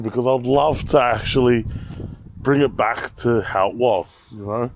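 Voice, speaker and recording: A man with an Australian accent, chatting casually and rambling as he walks through his car collection, telling animated stories. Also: mid-range voice, moderate pace. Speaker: channel host. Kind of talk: casual car walkaround vlog.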